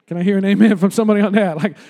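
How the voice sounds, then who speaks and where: A male pastor preaching an impassioned sermon, calling for amens and rising to shouts. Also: sits high, fairly even intonation, very fast.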